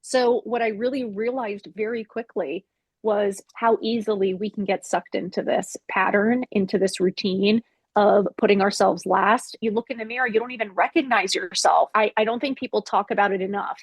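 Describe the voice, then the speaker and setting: Blunt, expressive woman in her fifties. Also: medium pitch, moderate pace, breathy edge, no echo. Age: 50s. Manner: blunt and expressive, swears freely, acts out her own past words. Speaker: podcast guest. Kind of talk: candid interview storytelling.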